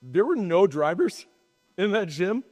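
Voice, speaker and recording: A man with a fairly high voice talks fast and jokes at a live panel. His sarcastic asides ring out in a big hall with a long reverb. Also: very animated, darkish tone, soft background music. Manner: quick, joking, sarcastic asides. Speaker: podcast co-host. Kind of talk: casual panel talk. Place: hall at a trade show.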